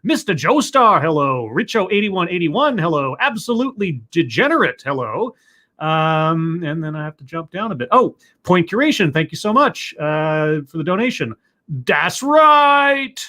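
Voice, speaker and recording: A man's voice: big pitch swings, normal speed, pushed and bright. A man hosting a casual live stream, greeting his chat one by one and chatting about his day in a playful, rambling way. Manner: playful, greets chat members one by one with sudden pitch jumps. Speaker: live-stream host reacting to talks. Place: home room.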